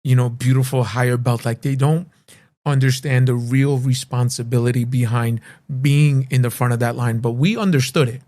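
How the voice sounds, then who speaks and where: A man hosting a casual interview, talking in a halting way with frequent restarts and "you know" fillers. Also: medium pitch, steady tone, warm tone. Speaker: host and martial arts school owner.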